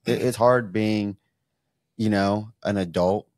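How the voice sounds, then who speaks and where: A man's voice: on the low side, fairly even intonation, slow, no echo, studio quality. A man co-hosting a podcast in casual chat, rambling and repeating words as he talks through his thoughts. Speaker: podcast co-host.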